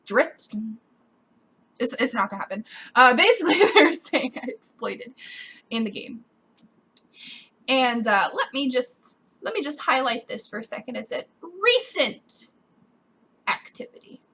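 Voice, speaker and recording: A young woman rants on her vlog, emotional and on the edge of crying. Her voice sits high and sounds bright, and she swears casually as she vents. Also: very animated, normal speed, pauses often, husky. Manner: emotional, swearing, voice breaking with quoted outbursts. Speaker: gaming YouTuber. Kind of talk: upset personal vlog rant.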